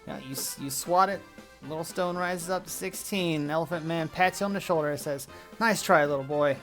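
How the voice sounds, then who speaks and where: A man narrating as game master of a tabletop game in a relaxed way, with fillers. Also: on the high side, a little fast, soft background music.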